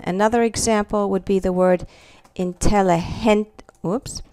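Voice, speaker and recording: A woman's voice: medium pitch, dry recording. A woman teaching a Spanish pronunciation lesson, repeating each example word and checking in with "okay" and "all right". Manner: slow, careful, repeats example words.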